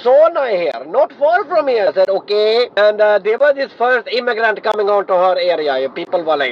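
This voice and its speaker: A man filming himself outdoors, telling a rambling story to camera in a halting way, with many fillers and frequent swearing. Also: high-pitched, animated, highs cut off, a little hiss or hum. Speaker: vlogger. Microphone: self-filmed camera.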